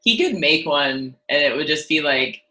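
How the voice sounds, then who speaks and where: A woman musician chatting as an interview guest, telling stories in an animated way with frequent "like"s and restarts. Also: deep voice, moderate pace, rough recording. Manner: animated storytelling, lots of "like" and restarts. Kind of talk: casual interview chat.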